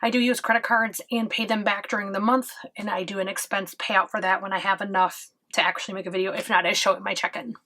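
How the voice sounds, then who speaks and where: Breathless bright-voiced woman vlogger. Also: mid-range voice, steady tone, fast, few pauses. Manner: chatty, earnest, explains step by step. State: out of breath from illness. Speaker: budgeting channel host. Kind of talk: casual talking-to-camera vlog.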